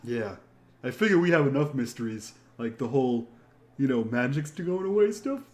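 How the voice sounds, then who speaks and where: A man's voice: mid-range voice, animated, moderate pace, a little mellow. A man joking dryly as a player in a tabletop role-playing game.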